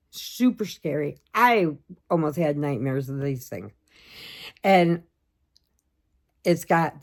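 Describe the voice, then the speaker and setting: Chatty woman telling a funny story. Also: low voice. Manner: chatty storyteller, animated quoting of others. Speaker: crochet vlogger. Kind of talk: casual chat to camera.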